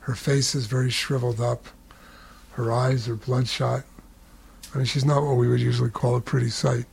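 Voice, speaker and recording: Gravelly man telling a spiritual story. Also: medium pitch, normal speed. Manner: relaxed, conversational, humorous asides.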